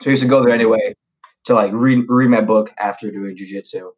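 A man's voice: on the low side, fairly even intonation, fast talker, lo-fi sound. A young man telling stories on a podcast in a casual, slangy way, with lots of fillers and restarts. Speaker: podcast guest. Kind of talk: casual storytelling chat.

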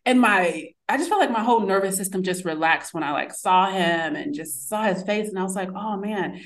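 A woman in her thirties, a podcast guest, telling a personal story in a chatty, animated way with frequent fillers and laughs. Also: mid-range voice, brisk. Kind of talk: casual storytelling.

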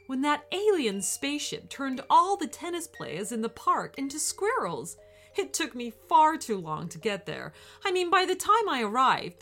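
A woman puts on a tearful young woman superhero who keeps apologising and calling herself a failure. Her pitch swings widely as she gushes. Soft music plays behind. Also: exaggerated voice. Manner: sad, apologetic, gushing.

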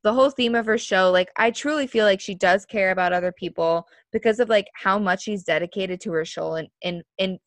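A woman's voice: medium pitch, brisk, hardly any pauses, no room sound. A young woman in her twenties co-hosting a casual podcast, chatty and opinionated, full of "like" fillers. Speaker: podcast co-host. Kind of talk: casual chat.

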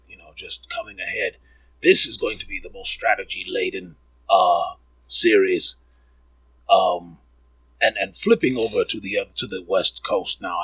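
A man's voice: on the low side, fairly bright tone, husky, no echo, poor audio. A man hosting a comedic sports podcast, rambling and riffing with profanity.

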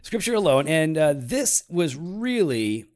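A man hosting a casual talk show, explaining calmly with many fillers and teasing his co-host. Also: a little high, measured pace. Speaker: podcast host. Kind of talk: casual teaching talk about church history.

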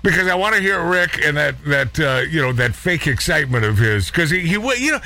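Rambling, bright-voiced radio host man. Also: on the high side, big pitch swings, brisk. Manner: rambling, self-interrupting, jokey. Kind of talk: casual radio chat.

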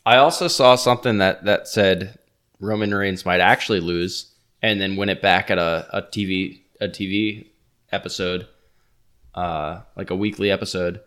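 A man with a fairly low voice co-hosts a casual podcast. He talks in a hesitant way, often breaking off and starting his sentences over. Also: fairly even intonation, normal speed, a bit bright, clear, resonant tone. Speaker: podcast co-host. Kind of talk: casual wrestling podcast chat.

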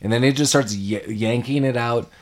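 Man, casual chat, film talk, co-host, laughs a lot, mid-pitched voice. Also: moderate pace. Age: adult parent. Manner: laughs often, loosely paraphrases scenes. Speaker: podcast co-host.

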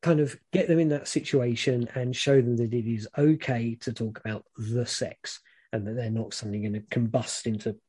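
Mellow-voiced British man giving frank advice. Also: medium pitch, moderate pace, slightly rough. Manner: frank, relaxed, rambling with many fillers. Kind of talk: casual advice chat.

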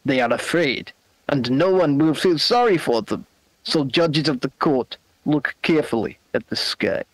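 A man's voice: fairly high pitch, animated, unhurried, no echo, pitched below the performer's own voice, poor audio. A man putting on a menacing Russian official. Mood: ominous. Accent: put-on Russian. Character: menacing Russian politician issuing threats, male, middle-aged.

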